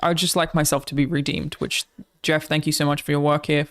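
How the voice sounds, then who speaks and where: A woman's voice: low voice, flat delivery, quick pace. An Australian woman streamer chatting casually with her live audience, swearing freely as she talks.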